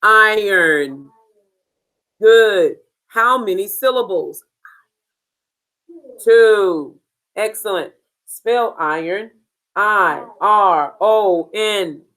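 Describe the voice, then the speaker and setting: A woman teaching a beginners' phonics lesson, slow and deliberate, drilling sounds and spelling words letter by letter. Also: medium pitch, a bit bright, poor audio.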